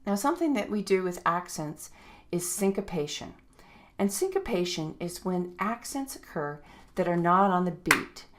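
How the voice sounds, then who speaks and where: A woman's voice: fairly low pitch, expressive, normal speed, fairly bright tone, slight background noise. A woman music teacher narrating a recorded video lecture in a chatty way, scatting rhythms aloud to point out beats. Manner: chatty, scats rhythms with "ba" and "da" sounds.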